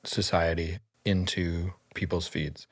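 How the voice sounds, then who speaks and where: A man's voice: low-pitched, flat delivery, slow. A man in casual podcast conversation, talking loosely and trailing off into fillers.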